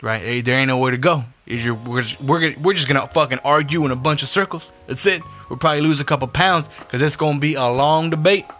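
A man's voice: a little high, fast, hardly any pauses, fairly bright tone, faint music behind. A young adult man hosting a podcast, ranting his opinions bluntly with heavy profanity. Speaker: podcast host.

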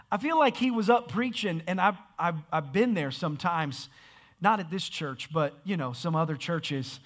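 A man preaching a sermon with energy, often repeating words as he restarts and building up to shouts. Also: high voice. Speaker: pastor.

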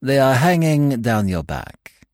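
A man voicing a calm, efficient young male secretary, speaking quietly and in a clipped way. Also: mid-range voice, slow pace, dry recording, clean studio sound, voice pushed up. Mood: cool.

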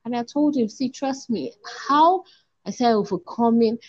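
A woman, a podcast guest giving an earnest personal testimony, often repeating herself and slowing to a hush. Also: a little high, highs cut off. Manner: earnest, repeats herself, slows and drops to a hush when recalling prayers. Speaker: interview guest.

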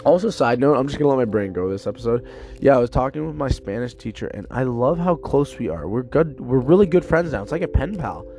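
A man's voice: medium pitch, animated, quick pace, dark tone, soft background music. A man in his twenties, congested from a cold, rambling loosely through a casual solo podcast. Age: 20s. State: stuffed up with a cold. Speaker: podcast host.

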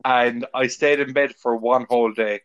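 Guy hosting a podcast, mid-pitched, chatty and gushing, keeps it jokey. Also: fairly even intonation, moderate pace, fairly bright tone, smooth, muffled recording. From Ireland. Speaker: podcast host. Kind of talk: casual chat.

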